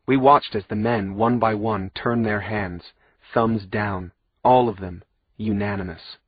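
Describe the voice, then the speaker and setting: A male audiobook narrator telling a first-person story with a wry, sardonic edge. His voice sits at a middling pitch and has a husky grain. The audio is dry and slightly muffled. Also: unhurried, no echo.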